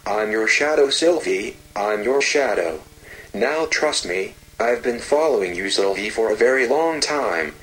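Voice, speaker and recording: Low dark coaxing shadow, a man voicing it. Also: lively intonation, unhurried, rough recording. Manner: coaxing, insistent. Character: girl's own shadow, low dark insistent voice.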